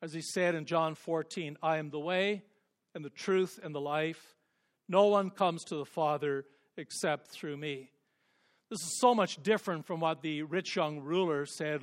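High-voiced impassioned male preacher. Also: normal speed. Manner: impassioned, rising to emphatic peaks then dropping to hushed tones. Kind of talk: sermon.

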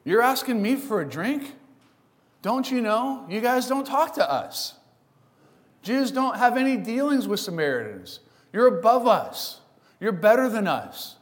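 A man's voice: high-pitched, sing-song, a little slow, in a large hall, pitched above the performer's own voice. A man voicing an indignant, snarky Samaritan woman, sarcastic and challenging.

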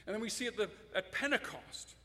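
A man's voice: high-pitched, lively intonation, brisk, sharp tone, in a large hall. A man preaching a sermon, emphatic and direct, sometimes addressing children in the audience.

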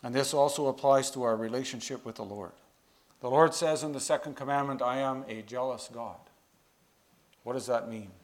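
A man preaching a sermon to a congregation, earnest, building to louder emphasis on key phrases. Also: medium pitch, brisk.

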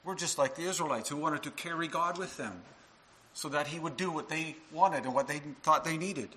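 A man's voice: on the high side, normal speed, sharp tone, rough recording. A male minister preaching a sermon to his congregation, earnest and full of rhetorical questions.

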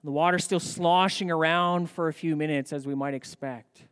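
Male pastor, sermon, lively rhetorical questions, smooth resonant voice, long church reverb. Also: fairly high pitch, normal speed. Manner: animated preaching with rhetorical questions.

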